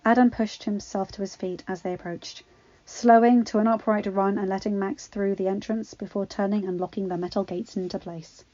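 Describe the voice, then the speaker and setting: A woman narrating a fan-fiction story in a steady, expressive reading. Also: mid-range voice, normal speed. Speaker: audiobook reader. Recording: dull lo-fi recording with faint music.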